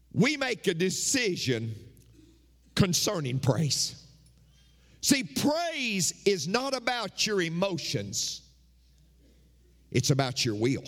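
A man preaching a sermon as pastor, emphatic and repeating his phrases for effect. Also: on the high side. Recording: long hall reverb.

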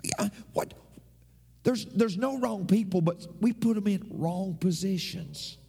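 Husky-voiced preacher in a reverberant church. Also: male voice, sits high, takes it slowly, warm tone. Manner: emphatic preaching with repeated phrases, swooping voice. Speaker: pastor. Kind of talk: sermon. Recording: long reverb of a church hall.

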